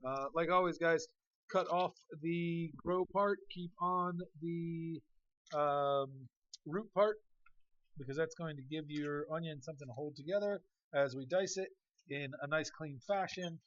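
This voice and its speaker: A man's voice: on the high side, a little slow, a bit bright, dry recording. Brief: young man chef, casual joking demo talk, dry dull recording. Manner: chatty and joking, with filler words. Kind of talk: casual cooking demonstration.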